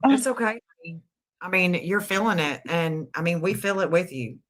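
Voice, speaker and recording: Woman, co-host, casual chat, rambling, earnest, bright tone. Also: on the low side, normal speed. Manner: rambling, earnest, searching for words. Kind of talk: casual live-stream chat.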